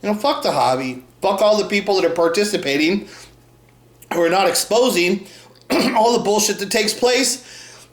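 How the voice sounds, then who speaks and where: A male podcast co-host with a voice that sits high, speaking at normal speed, launches into an angry, profane rant. He sounds heated and contemptuous and swears constantly, in an echoey room.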